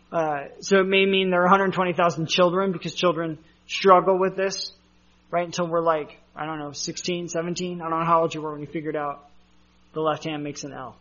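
Guy pastor with a high voice, chatty sermon, kinda muffled lo-fi recording. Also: pushed and bright. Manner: conversational preaching, fillers and asides.

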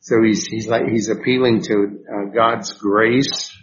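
A man praying and teaching a Bible study, talking haltingly with many fillers and restarts. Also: on the low side, steady tone. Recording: dull lo-fi recording with faint noise.

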